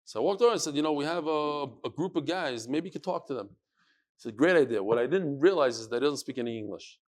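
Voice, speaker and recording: Animated high-voiced rabbi teaching Talmud. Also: male voice, fast talker. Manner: animated storyteller, acts out quotes and talks to students. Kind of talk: live Talmud lesson. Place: study hall.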